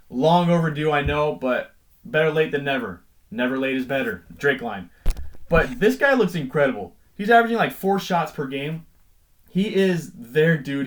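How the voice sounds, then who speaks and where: A man's voice: a little high, a bit bright. Joking young man talking fantasy football. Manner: jokey, self-deprecating asides. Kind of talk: casual team-selection commentary.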